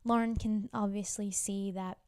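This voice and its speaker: A woman's voice: medium pitch, fairly even intonation, normal speed, darkish tone, clean tone. A young woman hosting a casual recap of a TV drama, talking chattily with lots of "like" fillers and side comments. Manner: chatty, full of "like" fillers and asides. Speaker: YouTube recap host.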